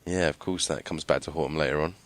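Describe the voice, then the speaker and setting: Very deep-voiced man, dry close sound. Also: fairly even intonation, fast talker, no room sound. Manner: easygoing, hesitant, many fillers and laughs. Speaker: podcast co-host. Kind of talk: casual discussion.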